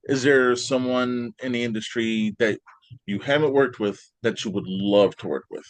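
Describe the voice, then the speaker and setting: A man hosts an interview in an easygoing, casual tone, opening his questions with small fillers. His mid-pitched voice sounds dry and close, with no room around it. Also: normal speed, no room sound. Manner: relaxed, laughs along, filler "uh" before questions. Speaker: interview host.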